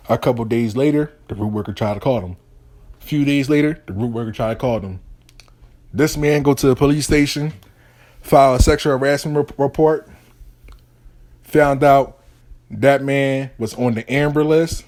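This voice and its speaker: A man's voice: medium pitch, normal speed, pauses often, darkish tone. Profane, emphatic male storyteller. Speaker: storytelling show host. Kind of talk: casual storytelling.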